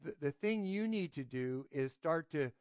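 A man with a fairly high voice preaches an informal sermon. He asks his listeners questions and checks in with "right?". He often stops on fillers and restarts. The sound is dry and close. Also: animated, measured pace, a little mellow, no room sound. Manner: hesitant, with frequent fillers and restarts. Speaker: pastor. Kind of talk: conversational sermon with scripture reading.

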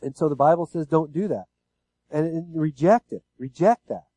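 A man's voice: on the high side, normal speed, mellow, dry recording, low-quality recording. Dry-miked man preaching, asking the room. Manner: conversational preaching with frequent rhetorical questions. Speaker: pastor. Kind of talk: sermon.

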